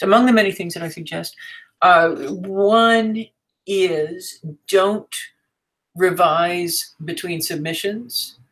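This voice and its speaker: A woman's voice: on the low side, poor audio. A woman teaching a writing class in a frank, chatty way, with fillers and asides. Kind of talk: casual teaching talk.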